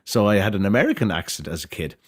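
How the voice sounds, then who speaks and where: Irish man in his forties, podcast guest, animated and fast-talking. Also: lowish voice, slightly rough. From Ireland. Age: 40s. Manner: animated, laughs often. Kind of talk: casual chat.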